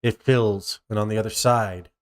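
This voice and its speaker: A man with a New Zealand accent runs a tabletop role-playing game as game master. His voice sits a little low, and he narrates scenes in halting bursts with frequent restarts. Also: steady tone.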